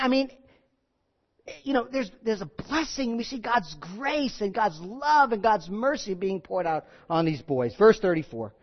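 A man preaching a sermon in a conversational, animated way, with frequent asides. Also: high-pitched, dull audio. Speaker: pastor.

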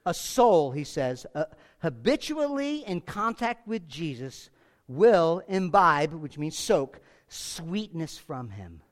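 A man preaching a sermon, emphatic and repetitive, swinging from forceful peaks to quiet asides, with casual fillers like "like" and "you know". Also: a little high, big pitch swings, slow. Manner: emphatic, repeats phrases, rises to forceful peaks then drops quiet. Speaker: pastor.

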